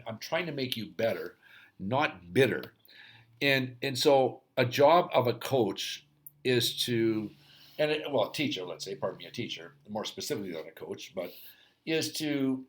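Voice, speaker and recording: A man's voice: medium pitch, a little hiss or hum. A middle-aged man and hockey coach, talking through a casual reflective rant, rambling with many restarts.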